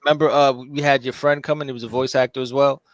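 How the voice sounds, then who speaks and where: Fast-talking, profane man. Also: medium pitch, dry recording, lo-fi sound. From Puerto Rican, grew up in Brooklyn. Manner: profane, animated storyteller. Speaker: comic book artist, co-creator. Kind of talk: casual chat, storytelling.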